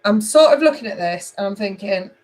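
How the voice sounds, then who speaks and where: A middle-aged woman from England reading tarot cards live, chatty and animated as she talks to viewers. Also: mid-range voice, brisk, rough recording. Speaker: tarot reader.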